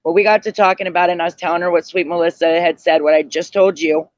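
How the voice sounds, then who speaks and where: A man with a high voice, sounding tired, telling a long story of online drama in a rambling way and often going back over what was said. The audio is dull and lo-fi, very dry with no room sound. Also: fairly even intonation, quick pace, no room sound. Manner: rambling, circles back, retells quotes. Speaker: livestream panel guest. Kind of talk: casual gossip storytelling.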